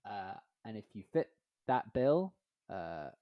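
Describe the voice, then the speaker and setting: A man's voice: lowish voice, sing-song, slow, dry recording, highs cut off. A man co-hosting a comedy podcast, riffing through playful made-up scenarios with lots of filler. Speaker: podcast co-host.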